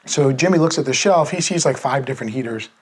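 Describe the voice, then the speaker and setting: A man with a husky, slightly rough voice, teaching sales in a loose, conversational way. He tells a story and jumps into the voices of the people in it. His pitch sits in an ordinary middle range for a man. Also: fast talker. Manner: casual storytelling, acts out quoted people. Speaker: sales trainer.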